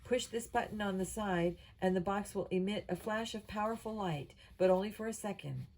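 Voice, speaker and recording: A woman's voice: medium pitch, moderate pace, a little mellow, close to an everyday voice. A woman voicing an eager, friendly young male agent-in-training who explains things helpfully.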